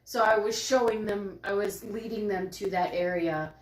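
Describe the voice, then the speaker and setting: A woman's voice: moderate pace, roomy sound, a little hiss or hum. A woman co-hosting a live stream from home, chatting casually and telling bubbly stories. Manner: bubbly, storytelling, voices herself and others with big pitch jumps.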